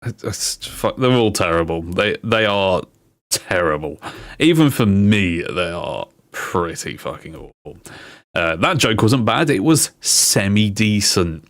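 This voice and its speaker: Animated man chatting on stream. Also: slow, no echo, studio quality. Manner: swears casually, laughs at what he reads, reads chatbot replies in a higher put-on voice. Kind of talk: casual livestream chat.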